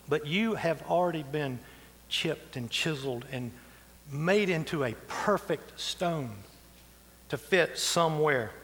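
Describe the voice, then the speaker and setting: A pastor delivers a sermon in a folksy, conversational way, slipping in asides. His voice sits a bit high for a man. The sound carries the long reverb of a church hall. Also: measured pace, a bit bright, a little hiss or hum. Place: church sanctuary.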